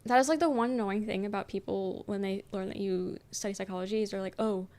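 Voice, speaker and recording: A fast-talking young adult woman streams and chats loosely with viewers, reading out their messages. Her medium-pitched, darkish voice stays fairly even in intonation, while her talk wanders, filled with "um" and "like" and casual swearing.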